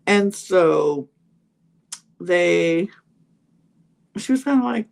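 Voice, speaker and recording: A woman's voice: mid-range voice, animated, slow pace, vocal fry, pauses often, darkish tone. A woman hosting a podcast, casually recapping a reality show, full of "like" and "you know" and acting out what people said. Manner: chatty, full of "like" and "you know", acts out quotes. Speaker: podcast host.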